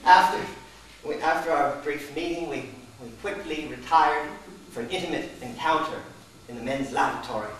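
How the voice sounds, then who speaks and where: A man's voice: a little high, moderate pace, a bit bright, a little hiss or hum. A middle-aged man performing a wry, theatrical monologue on stage. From Canada. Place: performance space. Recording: very echoey hall, distant mic.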